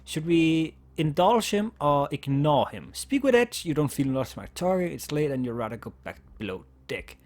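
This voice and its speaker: A man's voice: fairly high pitch, animated, normal speed, hardly any pauses, darkish tone. A man casually playing a text adventure game aloud, stumbling over words, laughing and swearing as he reads. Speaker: game player reading aloud. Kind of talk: casual let's-play narration.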